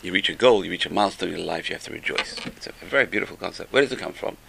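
Guy with a gravelly bright voice teaching a class, acts out the people in his stories. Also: low voice, racing, slight background noise. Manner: animated storytelling with acted-out voices. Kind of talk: Torah class talk.

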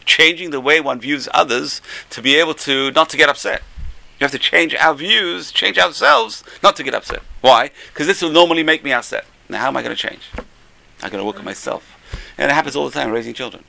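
Older man teaching, quick and gravelly. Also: fairly high pitch. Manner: conversational, repeats key phrases, swings loud for emphasis. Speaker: Torah teacher. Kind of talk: informal Musar class.

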